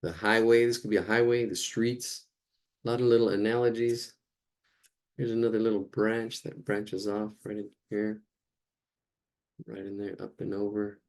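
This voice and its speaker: A man's voice: on the low side, little pitch movement, moderate pace, pauses often. A man teaching a casual live drawing lesson, chatting and thinking aloud as he sketches.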